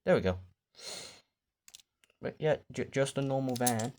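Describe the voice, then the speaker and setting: A man's voice: mid-range voice, animated, measured pace, very noisy. A man casually showing his toy collection in a vlog, rambling off the cuff and swearing when the camera loses focus. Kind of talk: casual show-and-tell vlog.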